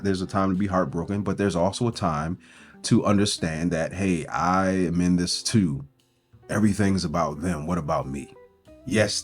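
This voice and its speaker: A man's voice: low voice, slightly rough. A man speaking as a breakup coach in a motivational self-help talk. He is earnest and builds his points through strings of rhetorical questions.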